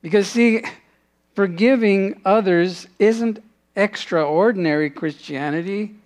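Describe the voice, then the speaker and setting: High-voiced man preaching a sermon. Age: adult, father has passed away. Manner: earnest preaching, dropping to a hushed voice in prayerful moments. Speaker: pastor.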